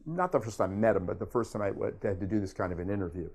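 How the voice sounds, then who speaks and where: Older man, animated storytelling guest. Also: fairly low pitch, very fast. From Miami. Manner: animated storyteller, does impressions. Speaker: guest, sports broadcaster. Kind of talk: casual storytelling interview.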